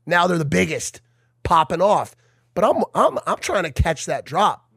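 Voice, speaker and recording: A man's voice: high-pitched, moderate pace, creaky, breathy edge, dry recording, clean studio sound. A young man co-hosting a podcast, talking in casual banter and telling stories with plenty of emphasis. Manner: animated, emphatic storytelling. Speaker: podcast co-host.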